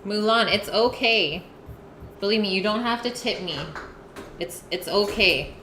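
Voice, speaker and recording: Hosting a live cooking stream, a woman chats casually with viewers between bites and reads their messages aloud. Her medium-pitched voice is bright and forceful, and she keeps a measured pace. The home stream audio is roomy and noisy.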